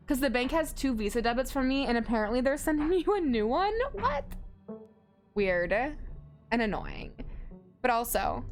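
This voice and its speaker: Chatty young woman streamer, faint music. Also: on the high side. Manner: chatty, giggly, reads chat aloud. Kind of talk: casual live-stream game commentary.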